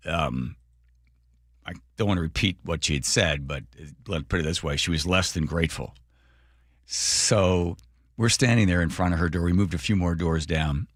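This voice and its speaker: An older man, a radio host, telling a story with loud exclamations and acted-out quotes. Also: low voice, normal speed, dry recording, clean studio sound. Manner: excitable, exclaims loudly, acts out quotes. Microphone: studio microphone.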